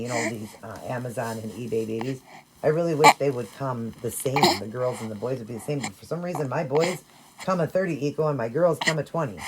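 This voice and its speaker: Soft-spoken woman rambling over loud noise. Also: very deep voice. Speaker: doll collector and vlogger. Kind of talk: casual vlog chat.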